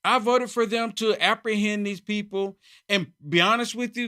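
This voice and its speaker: A man delivers a political commentary monologue in a high-pitched, sharp, forceful voice. He hammers his points by repeating phrases, jumping between loud outbursts and low, muttered asides. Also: fairly even intonation, moderate pace, clean tone. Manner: emphatic, repeats phrases for effect. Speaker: channel host.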